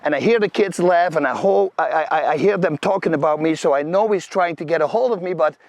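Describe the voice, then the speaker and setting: A middle-aged man with a Dutch accent, telling his personal story to camera in an animated, emphatic, slangy way. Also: fairly high pitch, fairly quick, no room sound. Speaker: host.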